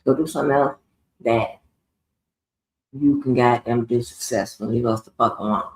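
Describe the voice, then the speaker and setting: Female streamer, gravelly and hard-swearing, confrontational rant, echoey room. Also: rumbling low, fairly even intonation, normal speed. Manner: profane, confrontational, swears heavily. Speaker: live stream host. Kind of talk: ranting live stream monologue.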